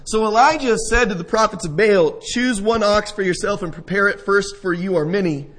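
A man's voice: high voice, moderate pace, fairly bright tone, poor audio. A man preaching a sermon, retelling a scripture story vividly and asking his listeners questions. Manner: storytelling, asks listeners questions, acts out scenes. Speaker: pastor.

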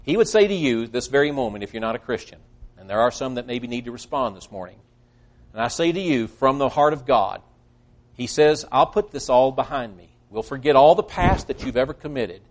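A man's voice: mid-range voice, animated, brisk. A male preacher giving a sermon, earnest and emphatic, quoting scripture at length.

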